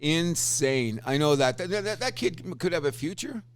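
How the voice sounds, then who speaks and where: A man co-hosting a casual sports podcast, talking in an animated, opinionated way with crude fan banter. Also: a little high, moderate pace. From Canada. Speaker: podcast co-host.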